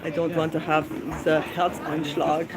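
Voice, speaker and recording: A woman's voice: low voice, little pitch movement, a little slow, crowd noise. Chatty woman vlogging on an uphill walk. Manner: chatty, breathless from climbing, yawning. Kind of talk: walking travel vlog. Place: outdoors in a hilly lakeside town.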